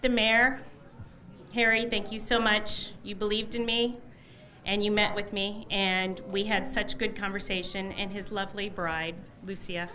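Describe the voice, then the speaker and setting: A woman's voice: mid-range voice, little pitch movement, unhurried, background noise. A middle-aged woman, a newly elected candidate, gives an emotional, effusive election night victory speech at a headquarters party, thanking many people.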